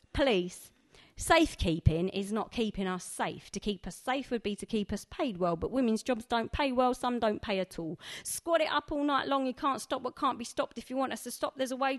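A woman's voice: a little high, voice pushed up, lightly acted. A woman performing spoken-word poetry as a blunt, defiant sixty-two-year-old woman with a brash, bawdy, combative delivery.

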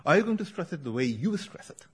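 A man with an Indian accent, a poet talking about his work and reading his verse aloud in a measured, deliberate cadence. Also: on the high side, sing-song, breathy edge. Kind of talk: poetry reading and conversation.

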